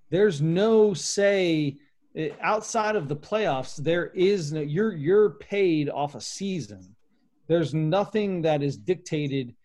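A man hosting a casual sports talk show, opinionated and animated, with many restarts. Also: a little high.

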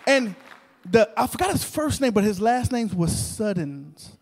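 Male preacher, high voice, animated storytelling sermon in a church hall with a long echo. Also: a little slow, a little hiss or hum. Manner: animated, repetitive, talks to the crowd. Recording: long reverb of a large hall.

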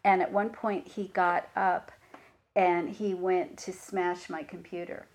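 A woman giving a dharma talk as a meditation teacher, reflective and unhurried, with frequent pauses and fillers. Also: fairly low pitch, flat delivery, darkish tone.

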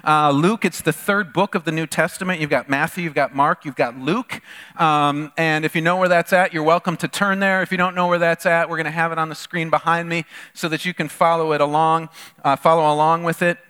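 A male pastor preaching in an animated, storytelling way, his voice high and bright. It rings out with a long reverb from a big hall. He slips into quoted voices as he tells his stories. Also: a little fast, clear, resonant tone. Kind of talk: sermon. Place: church hall.

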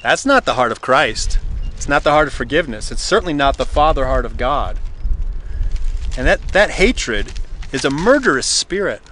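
A man's voice: medium pitch, big pitch swings, moderate pace, bright, forceful tone, slight background noise. A man preaching a casual sermon, retelling a scripture story and acting out its characters. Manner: conversational, acts out the story's voices.

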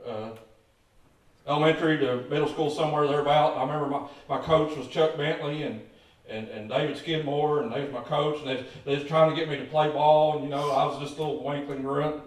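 Male preacher, higher pitch, folksy storyteller, heavy hall echo, distant mic. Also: steady tone, a little fast. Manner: folksy storytelling with emphatic calls to the congregation. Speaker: pastor. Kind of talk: sermon.

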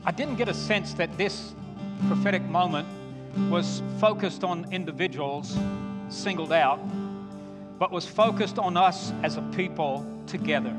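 High-voiced man preaching in a reverberant hall. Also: unhurried. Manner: emphatic, building to forceful exhortation. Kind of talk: sermon. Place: church sanctuary. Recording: long hall reverb, faint guitar. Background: faint guitar music.

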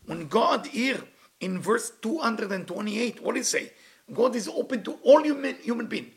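His voice is high-pitched and expressive, moving at a moderate pace. He's a spiritual teacher telling stories in a sermon, in English with non-native grammar, and his earnest tone sometimes builds into impassioned pleas.

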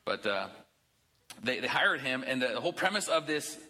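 A middle-aged man, a pastor, preaching a sermon in a church in a relaxed, conversational way, with jokes and asides. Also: mid-range voice, normal speed, in a large hall, rough recording. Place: church sanctuary.

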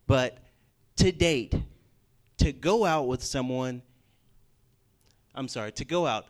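A man preaching a sermon to a live audience in an animated, emphatic way, repeating his points for stress. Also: mid-range voice.

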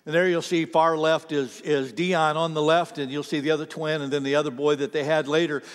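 High-voiced impassioned male preacher in a reverberant hall. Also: flat delivery, a little fast. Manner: impassioned preaching, rising to near-shouts and dropping to quiet. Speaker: pastor. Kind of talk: sermon. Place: church sanctuary.

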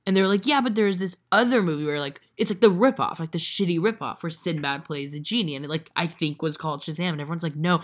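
A woman's voice: lowish voice, fast, few pauses. A woman in her twenties co-hosting a podcast, telling stories in casual chat, acting out quotes with lots of fillers. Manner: animated storyteller, acts out quotes, many fillers. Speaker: podcast co-host.

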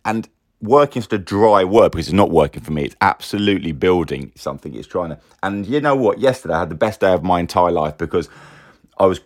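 Very deep-voiced rambling man. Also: no echo, studio quality. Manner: rambling, animated, frequent restarts. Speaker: business owner vlogger. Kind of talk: casual personal monologue.

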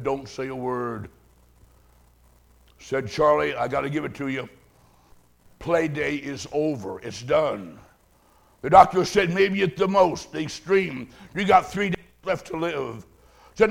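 A man preaching a sermon, telling a story dramatically and swinging from hushed tones to shouting. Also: high voice, creaky.

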